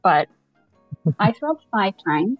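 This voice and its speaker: Animated woman guest, laughing storyteller. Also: mid-range voice, takes it slowly, dry recording. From Canada. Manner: animated, laughs often, acts out dialogue. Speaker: podcast guest. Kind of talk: casual anecdote telling. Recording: muffled lo-fi, faint music.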